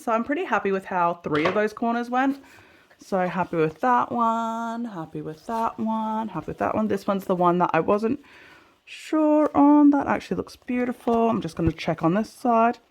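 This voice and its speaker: A woman with an Australian accent, chatting casually through a sew-along video, talking to herself and laughing at her own mistakes as she works. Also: mid-range voice. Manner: chatty, self-deprecating, talks to herself while working. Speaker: sewing vlogger.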